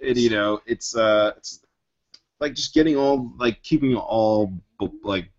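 An actor and writer, this man speaks a little slowly in a mid-range voice while casually chatting and performing comic bits on a podcast. He fills his speech with many fillers, and the recording sounds muffled and lo-fi.

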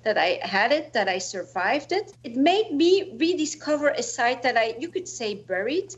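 A woman's voice: on the high side, big pitch swings, normal speed, highs cut off, a little hiss or hum. A woman in her forties, a guest telling a personal story in earnest, reflective talk full of "you know, like". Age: 40s. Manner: earnest, reflective, slightly non-native phrasing with "you know, like".

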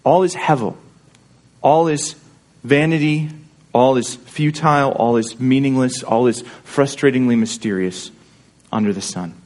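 A man's voice: medium pitch, unhurried, darkish tone. A man pastor preaching a sermon in an earnest, conversational way, often checking in with his listeners through rhetorical questions.

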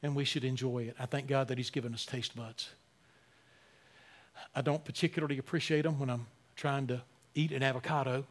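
A man preaching a sermon as pastor, swinging between loud emphasis and quiet, close talk, often repeating words as he restarts. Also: mid-range voice, steady tone, brisk.

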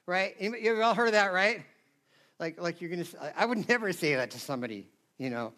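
Guy preaching real casual, super high bright voice, keeps going "right?". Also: expressive, fast. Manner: chatty, keeps asking the audience "right?". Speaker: pastor. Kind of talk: casual conversational sermon.

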